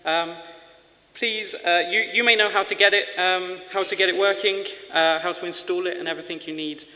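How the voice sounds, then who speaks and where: A man's voice: high-pitched, fairly even intonation, a little fast, bright, forceful tone. A man reading a short rhyming story during a conference lightning talk, with some hesitant fillers. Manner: rhythmic read-aloud, hesitant fillers at the close. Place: large conference hall. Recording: long reverb of a conference hall.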